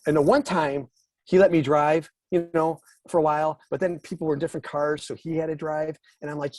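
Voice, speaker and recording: A man's voice: on the high side, flat delivery, brisk, darkish tone, no echo. A man, a guest musician, telling rambling, self-deprecating stories in a casual interview.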